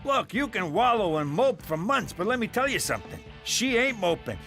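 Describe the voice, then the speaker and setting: A man's voice: sits high, very animated, moderate pace, a bit bright, faint music behind, full character voice. A man voicing a brash, crude cartoon uncle with a mobster's swagger.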